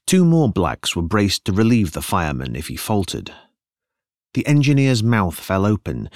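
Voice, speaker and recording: This is scripted narration: a man voices a novel as an audiobook narrator, telling the story in a measured, expressive way. His pitch sits fairly low, and the recording is dry, with clean studio sound.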